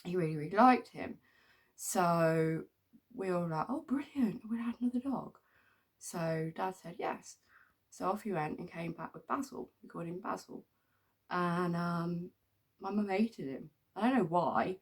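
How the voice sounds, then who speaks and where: This middle-aged English vlogger has a lowish voice and an unhurried pace. She tells rambling, casual stories in a chatty style, dropping in plenty of ums and laughing often.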